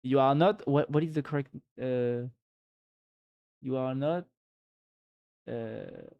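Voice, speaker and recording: A man's voice: mid-range voice, slow pace, highs cut off. A young man live-streaming at his desk mic, reading memes aloud and reacting with laughs and swearing.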